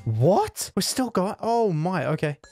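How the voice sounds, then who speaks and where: A young man with a high voice narrates his Minecraft run. He is excitable, talks straight to the game's creatures and yelps when things go wrong. Faint game music plays under his voice. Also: measured pace. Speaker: gaming YouTuber. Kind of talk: Minecraft challenge commentary.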